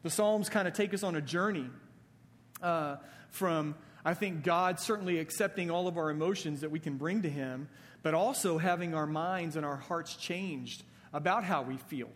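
A man delivers a sermon in a casual, conversational manner, often checking in with his listeners. His voice sits somewhat high. The long reverb of a church sanctuary trails behind his words. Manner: conversational, often adding "right?". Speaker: pastor.

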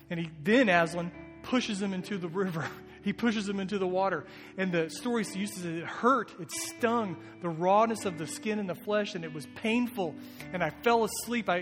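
A man preaching a sermon as a pastor, in an earnest, conversational way. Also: high voice. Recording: long reverb with soft guitar behind.

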